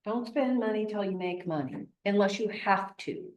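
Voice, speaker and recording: A woman's voice: mid-range voice, normal speed, dull audio. Chatty Midwestern woman teaching a class. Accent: Midwestern American. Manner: chatty, animated storytelling with acted-out quotes. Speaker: real estate trainer. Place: training classroom. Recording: echoey room.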